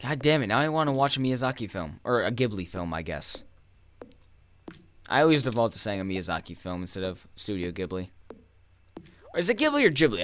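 With a mid-range, fairly bright voice, a young man streams a game and offers casual commentary. His talk is profane and rambling, full of rants.

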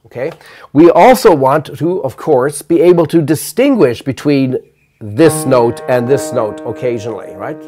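An older man giving a measured, explanatory math lecture, counting notes aloud while playing piano. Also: medium pitch, animated.

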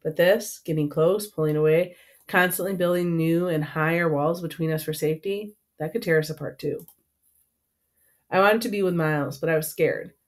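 A woman's voice: low-pitched, moderate pace. A woman narrating an audiobook in first person with an earnest, emotional delivery.

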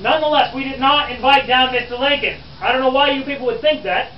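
A very high-pitched man talks at a quick pace, in character as a lecturing 1860s newspaperman addressing a crowd at an outdoor historic park program. As a living history interpreter, he comes across as mocking, theatrical and scornful, calling everyone "friends." Slight background noise sits in the distant, roomy, dull camera audio.

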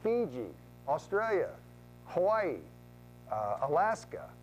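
A middle-aged man giving a motivational talk as a real estate speaker, telling stories with lively back-and-forth dialogue. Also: high voice, takes it slowly, dull audio, a little hiss or hum. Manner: animated, acts out both sides of conversations.

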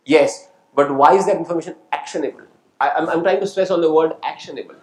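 A man speaks as a guest lecturer, calling on students and testing them with questions. His voice sits a little high for a man. The sound carries the echo of a lecture hall. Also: fast. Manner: engaging, quizzes the audience and calls on people; asks "right?" to check understanding.

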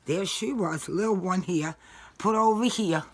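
A woman's voice: lowish voice, a little slow, husky. A woman in her own home, chatting casually in a rambling, salty-tongued way while handing over her pets. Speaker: dog owner giving up her pets. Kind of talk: casual chat.

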